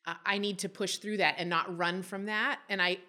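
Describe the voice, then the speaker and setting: A woman's voice: mid-range voice, fairly even intonation, moderate pace, bright, forceful tone. A woman guest on a podcast, speaking in an upbeat, earnest way. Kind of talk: casual podcast chat.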